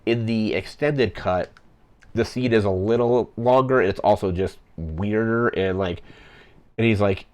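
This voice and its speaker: Deep-voiced man rambling through a film recap. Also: unhurried, darkish tone. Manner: rambling, heavy use of "like" fillers. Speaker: podcast host.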